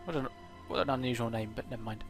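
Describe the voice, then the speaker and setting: A man's voice: mid-range voice, fairly even intonation, fast, faint music behind. A man commenting on his own strategy game as he plays, thinking aloud with frequent hesitations and fillers. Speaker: let's play gamer.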